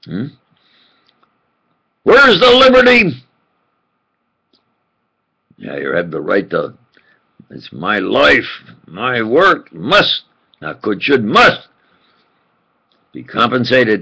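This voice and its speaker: Man, self-styled preacher, ranting, husky, bright, emphatic repetition. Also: mid-range voice, huge pitch swings, takes it slowly, pauses often, rough recording. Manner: ranting, swings from muttering to shouted outbursts. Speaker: self-styled preacher giving a political rant. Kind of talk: impassioned video rant.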